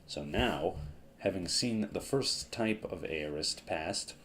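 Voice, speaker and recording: A man teaching a grammar lesson, explaining step by step in a slow, methodical way and correcting himself as he writes. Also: low-pitched, lively intonation, fairly bright tone, a little hiss or hum. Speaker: language teacher.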